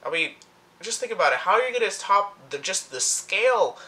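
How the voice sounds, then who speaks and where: A young man rambling excitedly through a casual movie fan commentary, full of fillers and asides. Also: high-pitched. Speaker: movie review vlogger.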